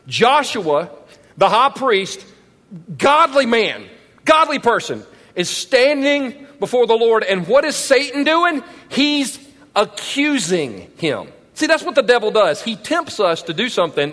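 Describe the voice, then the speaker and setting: A male pastor preaches with emphatic energy and keeps asking his audience questions. His voice is high and swings widely in pitch. A long reverb trails after him in a big auditorium. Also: unhurried. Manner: animated, emphatic, asks the crowd questions. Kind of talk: sermon. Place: large church auditorium.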